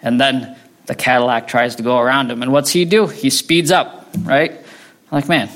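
A pastor giving a conversational sermon, often asking "right?" before closing in prayer. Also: male voice, medium pitch, fairly even intonation, normal speed, fairly bright tone. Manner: conversational, tags lines with "right?".

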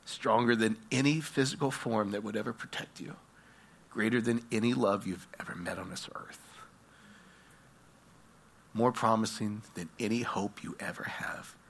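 A man preaching a sermon, telling stories dramatically and swinging from hushed tones to loud ones. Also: on the low side, fairly even intonation, moderate pace, long pauses.

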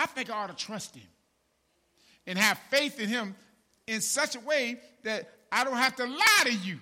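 A pastor preaching a sermon in a conversational way, peppering his lines with "man" and "right?" and swinging from low asides to shouted emphasis.

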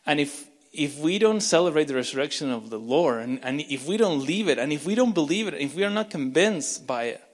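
A man's voice: fairly high pitch, expressive, brisk, few pauses. Impassioned male preacher in reverberant church. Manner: impassioned, swinging between loud urgency and hushed emphasis; repeats words and restarts mid-phrase. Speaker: pastor. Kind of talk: sermon. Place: church sanctuary. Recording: long reverb of a large church.

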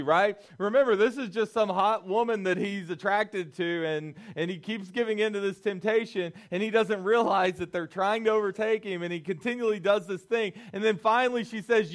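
High-voiced man preaching casually. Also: moderate pace, hardly any pauses. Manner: casual and joking, acts out quotes. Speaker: pastor. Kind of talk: sermon.

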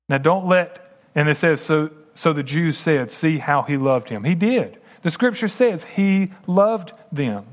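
A male pastor delivering a sermon in a fairly high voice. He talks to his congregation in a relaxed, conversational way between passages of scripture he reads aloud. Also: a little slow. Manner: conversational, addressing the congregation directly.

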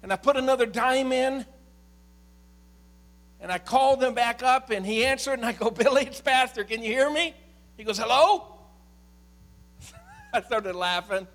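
A middle-aged man preaching a sermon as a pastor, swinging from impassioned shouting to quiet storytelling. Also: extremely high pitch, moderate pace, long pauses.

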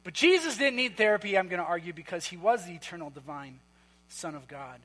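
A man preaching a sermon in a church hall, conversational and emphatic, with quick asides. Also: sits high, expressive, a bit bright. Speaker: pastor.

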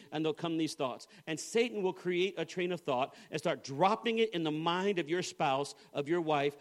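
Middle-aged male preacher, high voice, humorous storytelling sermon with acted-out quotes. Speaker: pastor.

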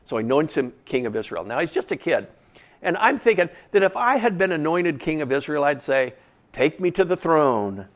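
A man's voice: on the high side, sing-song, fairly quick. A man preaching a sermon in a folksy, conversational way, full of casual asides.

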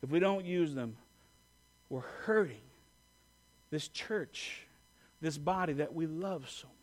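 A man preaching to his congregation in a high, light voice. He talks conversationally, with fillers and quick self-corrections, and has the people repeat lines back to him. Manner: leads the congregation in call-and-response repetition. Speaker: pastor. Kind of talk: sermon.

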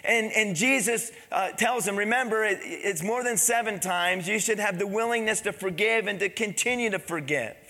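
High bright-voiced male pastor in a reverberant church. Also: moderate pace, hardly any pauses. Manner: conversational, asks the congregation questions. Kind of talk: sermon. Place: church sanctuary.

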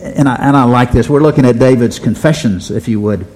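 A man's voice: medium pitch, a little fast, a little mellow. A man preaching a sermon, asking the congregation rhetorical questions and repeating phrases for emphasis.

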